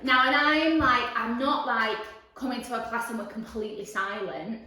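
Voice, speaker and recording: A woman co-hosting a casual chat, sarcastic and quick to explain the science behind fitness myths. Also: a little high, sharp tone. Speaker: podcast co-host, fitness coach. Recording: very echoey room.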